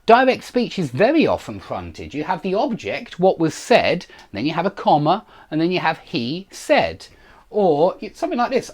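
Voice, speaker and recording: A man's voice: a little high, wildly swooping pitch, unhurried. A man teaches English grammar in a live online lesson. His voice rises and falls a lot, and he speaks in short explaining bursts. He reads example sentences aloud and stops often on fillers and self-corrections.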